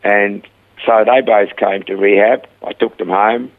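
A man, telling stories in an animated way as the guest of an interview about his rehab ministry. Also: lowish voice, unhurried. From Australia. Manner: animated storyteller, acting out quoted dialogue. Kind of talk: storytelling interview. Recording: narrow phone-like radio audio.

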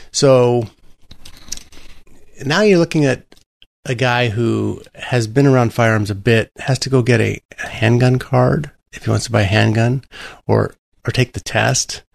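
A man's voice: mid-range voice, expressive, measured pace, gravelly, dry recording. A man hosting a talk radio show, rambling and sarcastic, with frequent restarts. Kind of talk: casual political talk radio.

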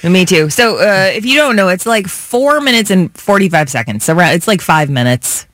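A man co-hosting a radio morning show, excitable and full of exclamations. His voice sits high for a man. The sound is dry and close to the mic. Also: normal speed, no room sound. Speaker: radio co-host. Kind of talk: casual radio banter.

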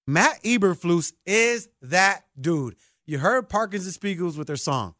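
A man hosting a sports talk show, excitable and emphatic like a hyped fan. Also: high voice, a little slow, dry recording, clean studio sound. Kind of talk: animated sports podcast talk.

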